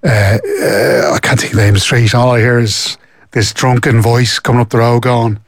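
An Irish man in casual podcast chat, telling a story with easy humour and then moving into sports news at a steady clip. His voice sits in an ordinary middle register. The sound is close and dry. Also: mid-range voice, normal speed, slightly rough, dry recording. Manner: chatty storyteller, reads news in a steady run. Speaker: podcast co-host.

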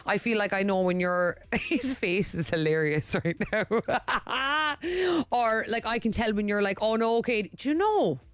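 A woman's voice: mid-range voice, lively intonation, unhurried, hardly any pauses, fairly bright tone, dry recording. A woman with an Irish accent, co-hosting morning radio in chatty, earnest talk. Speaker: radio co-host. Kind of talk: casual chat.

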